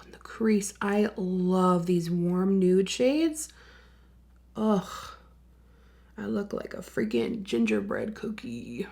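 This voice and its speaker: A woman's voice: medium pitch, a little mellow. A young woman chatting candidly as a beauty vlogger while she does her makeup at home, sometimes dropping to a whisper. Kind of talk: casual get-ready-with-me chat.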